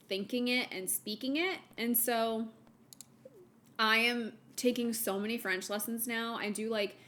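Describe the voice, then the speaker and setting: A young woman from the United States streams a game, chatting casually with her viewers, reading chat, and laughing often. Her voice is medium-pitched with a sharp tone, and she's chatty and giggly with lots of fillers.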